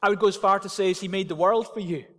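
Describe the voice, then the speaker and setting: A man preaches from the front of a church, hammering his points home in short, repeated declarations. His voice sits high for a man. The sound rings with the long reverb of a large hall. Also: steady tone, fast talker, fairly bright tone. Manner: emphatic, repetitive declarations. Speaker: pastor. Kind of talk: sermon.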